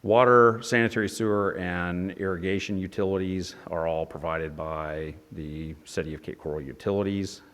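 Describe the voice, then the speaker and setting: A man with a very low voice delivers a technical report at a formal public hearing. He pauses often, fills gaps with "uh" and restarts his sentences. His voice carries a long reverb from the hearing room. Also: steady tone, a bit bright. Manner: halting, many fillers and restarts. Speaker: engineer presenting a development project.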